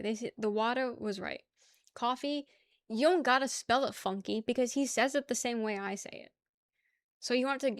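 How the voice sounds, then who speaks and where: A woman's voice: fairly high pitch, dry recording, clean studio sound. A young woman from the New York area chatting casually with her stream chat, joking, laughing and rambling.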